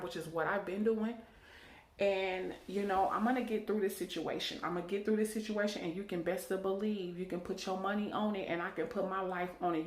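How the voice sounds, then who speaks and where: A woman's voice: medium pitch, steady tone, normal speed. A woman venting to her viewers, preachy and emphatic, hammering points and tagging lines with "okay?". Her voice sits in a middle range and rings in a roomy, echoey space. She sounds worn out and drained. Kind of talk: emotional personal vent. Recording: echoey room.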